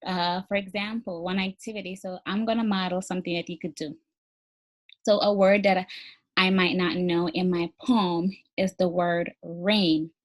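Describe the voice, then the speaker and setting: A woman's voice: lowish voice, fairly even intonation, moderate pace. A woman teacher giving an instructional video lesson for parents. She speaks encouragingly to them and models each activity step by step, spelling words out letter by letter. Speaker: early literacy teacher.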